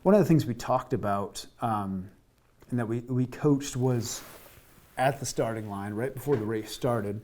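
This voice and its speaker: A man's voice: mid-range voice, unhurried, darkish tone. A man giving a conversational sermon, often repeating words as he restarts and acting out the quotes he tells. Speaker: preacher.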